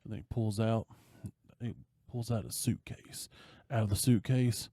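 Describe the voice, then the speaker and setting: Low, dark-voiced man retelling a movie. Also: a little slow, dry recording, studio quality. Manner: animated storyteller, acting out quoted lines. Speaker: podcast co-host. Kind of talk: casual chat, retelling a movie plot.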